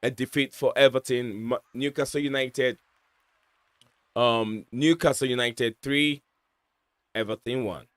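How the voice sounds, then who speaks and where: A man's voice: medium pitch, fairly even intonation, a little slow, pauses often, clean tone, no room sound. A man hosting a live watch-along, giving casual, rambling match commentary with lots of fillers and restarts.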